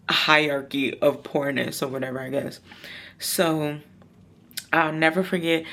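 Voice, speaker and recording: Woman in her 30s, low, gravelly voice, rambling confessional storytelling. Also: a bit bright. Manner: rambling, confiding, full of "like". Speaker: vlogger. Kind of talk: personal storytime. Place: outdoors, windy.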